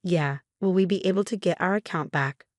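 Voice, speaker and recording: A woman's voice: on the low side, fairly quick, darkish tone, no echo, studio quality, close to an everyday voice. Woman voicing a greedy older father-in-law. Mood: anxious. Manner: demanding.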